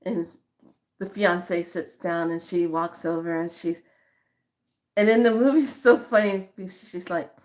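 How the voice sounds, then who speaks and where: A woman vlogger in relaxed, casual chat with her audience. She giggles through her sentences and keeps an easy, fond tone toward her listeners. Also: on the low side, normal speed. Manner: giggly, chatty, calls viewers lovelies. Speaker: spiritual vlogger.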